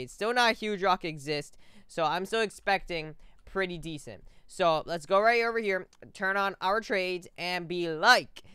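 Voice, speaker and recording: A man's voice: high-pitched, sharp tone, clean tone, dry recording, clean studio sound. A man giving casual gameplay commentary as a video host, rambling, tripping over numbers and calling everyone "bro".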